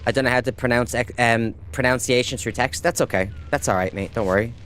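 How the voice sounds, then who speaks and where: A man's voice: mid-range voice, fast, a bit bright, slight background noise. A young adult Irish man chatting casually with viewers while he plays a game on a live stream. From Ireland. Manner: chatty, reads out chat and answers viewers, upbeat.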